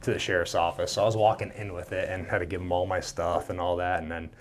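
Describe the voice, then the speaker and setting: Animated storytelling man, low voice. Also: fast talker. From Minnesota. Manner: animated, swears freely, acts out quoted dialogue. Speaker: podcast guest. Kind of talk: casual storytelling.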